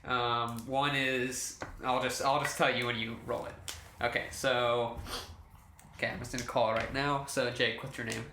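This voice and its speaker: A man's voice: mid-range voice, level tone, moderate pace, sharp tone, roomy sound, a little hiss or hum. A man acting as game master, explaining the rules in a rambling way, full of fillers and restarts. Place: room shared with players.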